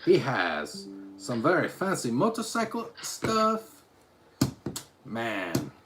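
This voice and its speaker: A man's voice: mid-range voice, huge pitch swings, slow pace, a bit bright, soft background music. A man from Utah chatting on a live stream, reading his chat aloud and rambling through restarts and asides. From Utah, USA.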